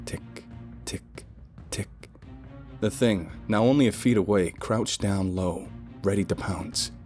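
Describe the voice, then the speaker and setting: A man's voice: on the low side, normal speed, a little mellow, soft background music. A man narrating a first-person horror story in a dramatic, lurid style.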